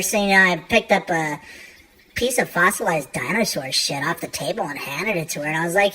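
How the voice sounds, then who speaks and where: A woman's voice: fairly low pitch, brisk, sharp tone, breathy edge, rough recording. A woman doing a stand-up comedy routine, profane and rambling, full of fillers.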